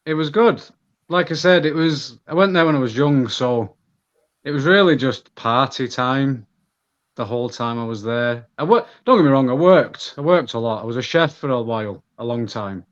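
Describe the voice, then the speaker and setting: A man's voice: mid-range voice, moderate pace, highs cut off. Manchester-accented man chatting casually. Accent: Mancunian. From England. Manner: chatty, talks about himself in a relaxed, rambling way. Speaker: podcast guest. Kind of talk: casual conversation.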